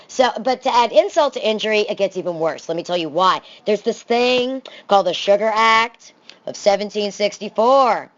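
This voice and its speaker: A woman teacher talks through a recorded history presentation in a chatty, animated way, tossing in playful asides for her students. Her voice sits in a middle pitch. The audio is a little dull and lo-fi. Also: brisk. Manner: lively and conversational, with playful asides.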